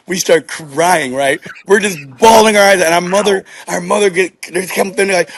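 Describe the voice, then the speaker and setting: A middle-aged man, a podcast guest, telling anecdotes in a casual, lively way and acting out the voices of the people in them. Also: sits high, fast talker, few pauses, no room sound. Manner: animated storyteller acting out quotes.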